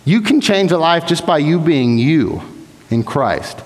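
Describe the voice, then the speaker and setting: A man's voice: fairly high pitch, sing-song, unhurried. A young man preaching a sermon in a church sanctuary, earnest and exhorting, sometimes restarting his words. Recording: long hall reverb.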